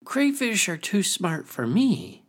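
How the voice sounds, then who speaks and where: A man's voice: sits high, big pitch swings, a little slow, creaky, a bit bright, pitched above the performer's own voice, heavily acted. A man voicing a hungry, crafty male raccoon in a storybook tale, speaking in a raised, strained, complaining voice. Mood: loud, plaintive.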